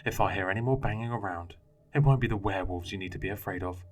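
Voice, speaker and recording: A man voicing a harsh foster father who shouts and growls scornful threats. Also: fairly low pitch, quick pace, close to an everyday voice. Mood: angry.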